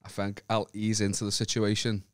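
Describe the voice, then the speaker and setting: A man's voice: lowish voice, completely flat delivery, a little fast, dry recording, studio quality. A northern English man, a podcast co-host telling rambling, self-mocking stories in casual banter. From northern England. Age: 30s.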